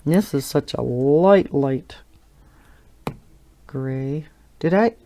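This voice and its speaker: Coloring as she talks, a middle-aged Wisconsin woman with a matching accent rambles in a casual, chatty way and laughs occasionally. She hosts a coloring channel, and her very deep voice is animated, warm, and extremely slow.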